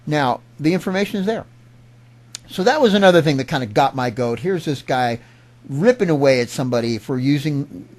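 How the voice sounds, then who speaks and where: A middle-aged man delivering an angry political rant, indignant and emphatic, often restarting his words. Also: medium pitch. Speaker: political commentator.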